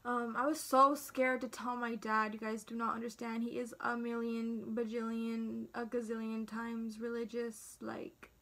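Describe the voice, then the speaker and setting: A teenage girl talks straight into her phone camera with a clear, bright voice pitched a little high. She is chatty and dramatic, acting out what her family said as she tells her story. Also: little pitch movement, measured pace, hardly any pauses. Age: teens. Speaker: vlogger.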